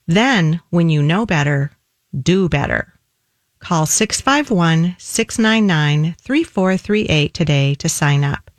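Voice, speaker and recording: A woman nutritionist co-hosting a radio show, explaining in a measured, steady way. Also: lowish voice, dry recording, clean studio sound. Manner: measured, warm explaining, slows down for phone numbers. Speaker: nutritionist co-host.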